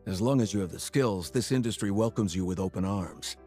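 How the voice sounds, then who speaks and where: A stern, formal commander of hunters, voiced by a man with a lowish voice. He speaks in a measured, official manner. Faint game music plays behind him. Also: a little mellow, close to an everyday voice.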